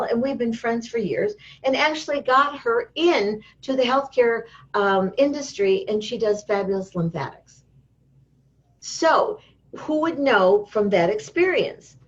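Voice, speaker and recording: A woman guest in an interview, telling stories in a lively way and acting out the voices of the people she quotes. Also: a little high, measured pace. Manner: lively storyteller who acts out quoted voices. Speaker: interview guest, healing teacher. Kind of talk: casual interview talk. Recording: dull lo-fi sound.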